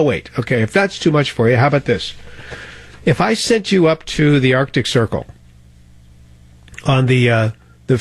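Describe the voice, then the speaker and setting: A man fills the host chair on talk radio, tearing through the news with sarcasm and one rhetorical question after another. His voice sits slightly higher than most men's. The studio sound is dry and close, with no room around it. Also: no echo.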